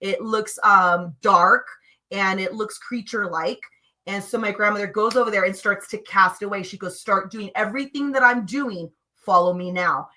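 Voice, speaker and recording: A woman telling personal spiritual stories in a casual, animated, emphatic way, acting out what others said. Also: mid-range voice, normal speed. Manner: animated, emphatic, acts out quotes. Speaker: podcast guest.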